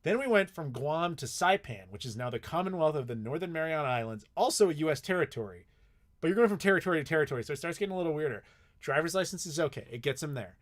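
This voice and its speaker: A man talks through viewer questions on a live stream in a loose, meandering way. His voice sits slightly high for a man, and he swears casually and pads his sentences with fillers. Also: lively intonation, quick pace. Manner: rambling, swears freely, many "like" fillers. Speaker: streamer answering chat questions.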